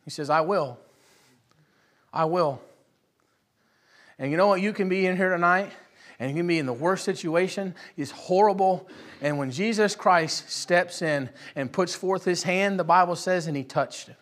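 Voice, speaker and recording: A high-voiced young male preacher delivers a sermon to his congregation, drifting from soft, conversational storytelling into rising, fervent calls. His pitch sits well above most men's. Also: normal speed. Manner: swings from quiet storytelling to loud impassioned preaching. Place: church hall with live congregation.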